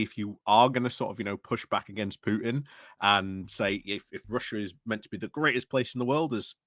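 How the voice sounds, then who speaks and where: A podcast panelist chats casually about politics in a lowish, fairly bright voice. He rambles with plenty of fillers and restarts and laughs as he talks, and the recording is dry and studio-clean.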